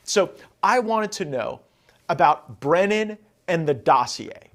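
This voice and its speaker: A man giving a formal, measured account of a hearing, reading quoted exchanges. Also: on the high side, expressive. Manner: measured, prosecutorial, reads quotes.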